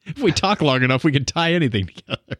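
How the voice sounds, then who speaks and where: A man co-hosting a casual podcast, teasing the others with quick jokes. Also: fairly high pitch, expressive, fairly bright tone, no echo, studio quality. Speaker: podcast co-host.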